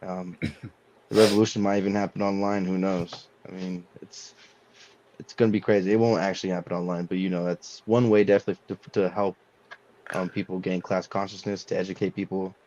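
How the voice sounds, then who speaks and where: A man's voice: sits low, level tone, brisk, mellow, a little hiss or hum. A man on a podcast, talking casually and rambling with lots of fillers and restarts. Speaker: podcast co-host. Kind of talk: casual chat. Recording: dull lo-fi sound.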